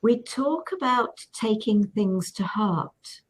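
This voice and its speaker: A woman's voice: medium pitch, animated, slow, slightly rough, rough recording. A woman co-hosting a podcast who speaks in a thoughtful, reflective way. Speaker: podcast co-host. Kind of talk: reflective conversation.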